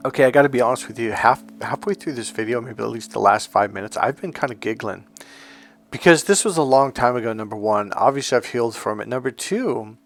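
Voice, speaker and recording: A man's voice: medium pitch, a little fast, faint music behind. A middle-aged man telling a personal story in a casual, rambling way, full of restarts and fillers. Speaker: life coach and hypnotherapist.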